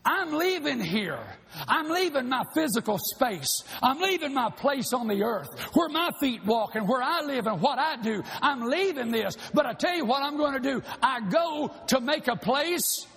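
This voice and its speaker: A man preaching a sermon, shouting at times and rushing through asides. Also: very high voice, expressive, creaky, husky. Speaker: pastor. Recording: long hall reverb.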